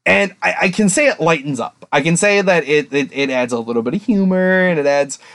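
A man's voice: on the high side, fairly quick, a bit bright. A man co-hosting a casual podcast, talking profanely and acting out characters' lines as he recaps. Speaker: podcast co-host.

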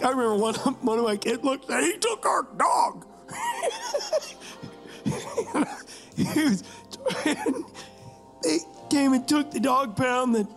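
During a church service, a male pastor with a strikingly high voice preaches a sermon built on stories, told loosely and jokingly. He keeps asking the congregation to agree, and soft music plays faintly behind him.

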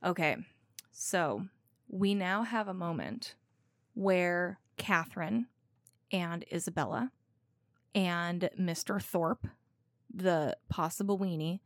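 A woman co-hosting a casual book podcast, retelling scenes in an animated, slangy way. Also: lowish voice, slow pace, long pauses, dry recording, studio quality. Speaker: podcast co-host. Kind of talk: casual book-club chat with read-aloud passages.

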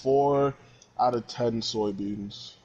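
A man's voice: mid-range voice, slow, dull audio. A young man co-hosting a podcast, dropping dry sarcastic quips. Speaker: podcast co-host. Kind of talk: casual podcast banter. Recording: loud background noise.

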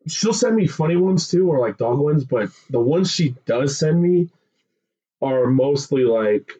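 A man's voice: on the high side, unhurried, husky, muffled recording. A man co-hosting a podcast in casual, profane, joking banter. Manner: joking, profane, lively delivery. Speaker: podcast co-host.

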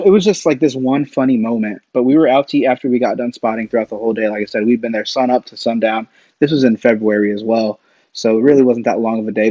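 A man's voice: on the low side, mellow, no room sound. A man, a podcast guest, telling stories in a casual, rambling way, full of fillers and restarts. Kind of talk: casual storytelling. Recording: dull lo-fi dry sound.

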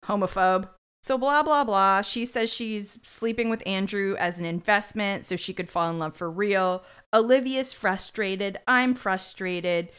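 Young woman podcast co-host, crisp bright tone, deadpan and profane. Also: mid-range voice, a little slow. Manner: dry, profane, acts out characters' lines. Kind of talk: casual recap chat.

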